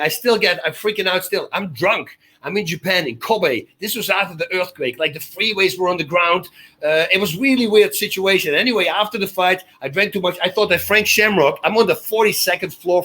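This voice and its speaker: A man, an interview guest telling wild anecdotes in an excitable way and laughing often. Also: sits high. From Netherlands. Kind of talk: animated storytelling in a casual interview.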